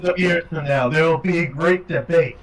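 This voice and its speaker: A man's voice: fairly high pitch, fairly quick, over a noisy crowd. A man co-hosting a casual chat, making wry joking asides. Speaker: co-host.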